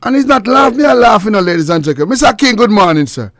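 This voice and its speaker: A man's voice: high voice, expressive, very fast, fairly bright tone, no echo. A man with a Jamaican accent hosting a call-in radio show, joking and laughing with callers.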